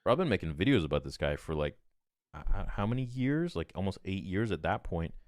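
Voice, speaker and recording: Speaking in a deep voice, a man guesting on a podcast shares a story in studio-quality audio with no echo. He's animated and casual, rapidly playing out dialogue between himself and others.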